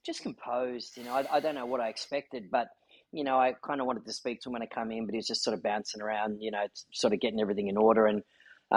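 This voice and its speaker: A man's voice: medium pitch, dry recording, rough recording. A man hosting a podcast, telling a story in an earnest, heartfelt way. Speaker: podcast host. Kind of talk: casual chat.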